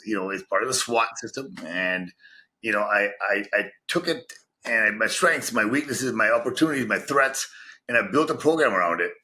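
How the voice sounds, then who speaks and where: A man's voice: lowish voice, sharp tone. A man from Vancouver, a podcast guest, telling his story in casual chat and swearing constantly. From Vancouver, Canada.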